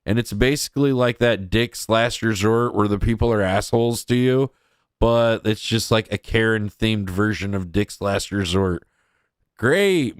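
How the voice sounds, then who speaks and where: A man's voice: mid-range voice, smooth, dry recording, clean studio sound. A man hosting a loose news commentary stream, reacting to clips as they play. He talks casually with a sarcastic, mocking edge and a lot of jokes. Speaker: host.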